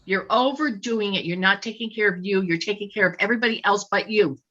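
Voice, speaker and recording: Bright, insistent woman healer on a lo-fi call. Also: medium pitch, fast. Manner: insistent, repeats points emphatically. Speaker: spiritual healer hosting a session. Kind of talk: live online healing session.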